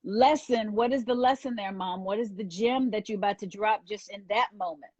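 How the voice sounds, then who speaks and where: A woman hosting a casual interview, nudging her guest along and echoing her phrases back. Her voice is husky. The sound is dry and a little dull, like a video call. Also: medium pitch, normal speed, a little mellow. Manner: prompting, repeating phrases back. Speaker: host.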